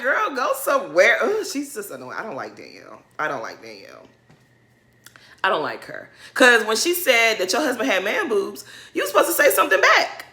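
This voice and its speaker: A woman's voice: fairly high pitch, pushed and bright. A woman giving a blunt, opinionated recap of a reality TV episode, scolding the cast directly with slangy asides. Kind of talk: opinionated casual commentary.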